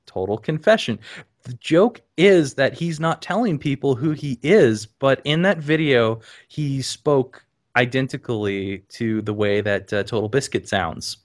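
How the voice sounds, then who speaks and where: A man chatting on a casual podcast, his voice swinging high and low as he tells a story, with many ums along the way. He breaks into squeaky high laughs when something amuses him. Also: measured pace. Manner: animated storyteller, frequent ums, bursts of high-pitched laughter. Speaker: podcast guest.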